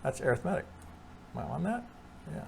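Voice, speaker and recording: A man's voice: on the high side, big pitch swings, fairly quick, gravelly, a little hiss or hum. A man talking casually through trading charts, thinking aloud with restarts, frequent "right?" and blunt swearing. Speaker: trading analyst. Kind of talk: casual chart analysis over screen share.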